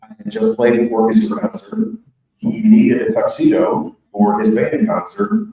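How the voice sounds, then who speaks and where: Gravelly man speaking in an echoey hall. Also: high voice, sing-song, unhurried, warm tone, recorded from a distance, highs cut off. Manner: candid, joking, conversational. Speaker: author giving a speech. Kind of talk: personal storytelling speech. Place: large event hall with an audience.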